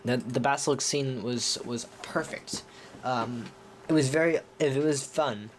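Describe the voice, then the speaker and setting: A man's voice: mid-range voice, a little slow, slight background noise. Rambling, enthusiastic young man reviewing films. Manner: rambling, with many restarts. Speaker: film reviewer. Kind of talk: casual movie review.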